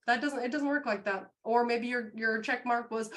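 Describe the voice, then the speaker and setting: A woman's voice: moderate pace, few pauses, a bit bright. Upbeat woman co-host. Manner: upbeat and encouraging, bursts high acting out quotes. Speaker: co-host of a live business show. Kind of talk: motivational talk to a live online audience.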